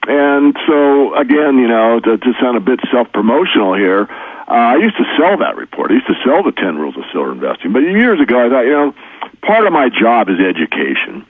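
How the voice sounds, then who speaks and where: A man's voice: medium pitch, sing-song, brisk, breathy edge, no room sound. A man talking as an interview guest in a casual, earnest, folksy way, repeating his practical points. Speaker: precious metals educator, guest. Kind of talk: casual explanatory interview talk. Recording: tinny phone line.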